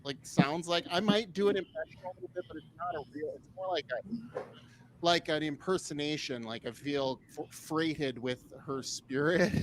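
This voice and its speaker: A man's voice: a little high, slight background noise. A man doing a rambling, self-deprecating stand-up set, often laughing at his own jokes. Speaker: stand-up comedian.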